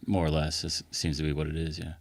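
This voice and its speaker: A middle-aged man with an American accent, chatting easily as a podcast guest in a recording studio, unhurried with plenty of fillers. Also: a bass voice, no echo. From England. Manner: easygoing, relaxed, halting with fillers. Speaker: podcast guest, costumed street performer. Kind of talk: casual interview chat.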